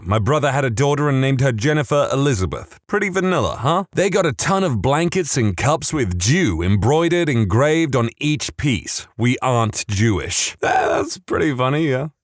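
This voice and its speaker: A man's voice: medium pitch, sing-song, normal speed, hardly any pauses, no room sound, clean studio sound. A young man reading listener stories aloud as a podcast host, breaking in with wry, joking comments between them. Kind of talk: storytime reading with comic asides.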